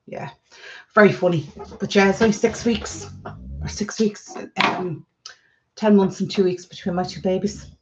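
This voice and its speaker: An Irish woman in her forties vlogs casually, retelling family stories in a lively, chatty way. Her voice is medium-pitched and measured, set against a noisy background on slightly dull lo-fi audio.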